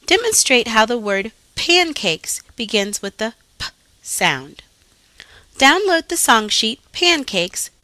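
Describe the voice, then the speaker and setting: A woman reading out scripted teaching instructions in a slow, deliberate, carefully enunciated way. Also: a little high, sing-song, pushed and bright, dry recording.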